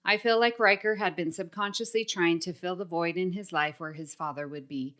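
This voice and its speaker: A woman's voice: lowish voice, a little fast, a bit bright. A woman hosting a casual podcast, upbeat, laughing often and reading listener mail aloud. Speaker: podcast host.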